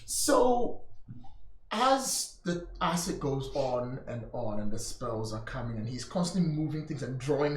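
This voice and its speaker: A man narrating a tabletop game as its game master, his voice sitting a little high and rising and falling a lot as he tells the scene. He talks in a chatty, storytelling way, and the sound carries the echo of a roomy space with a faint background hiss. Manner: lively, chatty storytelling with laughs.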